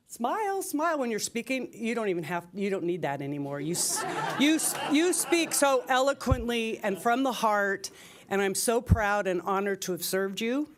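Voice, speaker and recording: An older woman at a city council podium tells fond stories in tribute, emotional and close to tears. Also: on the low side. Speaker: public commenter. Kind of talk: public comment tribute.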